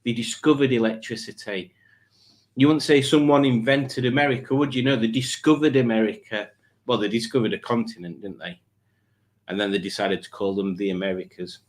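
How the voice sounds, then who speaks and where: Guy hosting a live stream, rambling and goofy, mid pitch. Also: fairly even intonation, a little fast. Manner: rambling, playful, breaks into silly put-on voices. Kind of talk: casual live stream chat.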